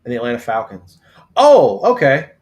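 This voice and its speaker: A man's voice: mid-range voice, wildly swooping pitch, normal speed, a little mellow, highs cut off. A man hosting a casual live draft show, joking and rambling, reading things out as he looks them up. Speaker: host.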